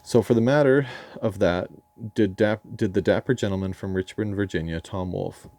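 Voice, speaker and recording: A man's voice: lowish voice, moderate pace, darkish tone. An English man reading his own memoir aloud in a dry, ironic, erudite manner, sometimes stumbling over a word. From England. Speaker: memoir narrator.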